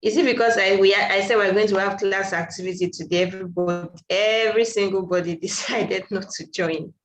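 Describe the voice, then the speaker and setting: A woman's voice: medium pitch, fairly even intonation, a little fast, soft background music. Woman teaching an online class. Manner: encouraging, repeats questions. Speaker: French teacher. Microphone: video call.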